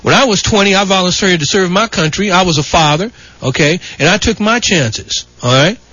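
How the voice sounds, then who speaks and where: A middle-aged man rants as a talk radio host, his delivery combative and rambling, studded with "you know" and "okay". His voice sits high and sounds bright. The sound is dull broadcast radio. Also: a little fast. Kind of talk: opinionated talk radio monologue.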